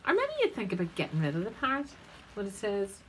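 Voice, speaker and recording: A woman's voice: medium pitch, wildly swooping pitch, fast talker, a little hiss or hum, low-quality recording. A woman therapist giving a conversational, emphatic self-help talk straight to the viewer. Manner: conversational, emphatic, gently teasing. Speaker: integrative therapist.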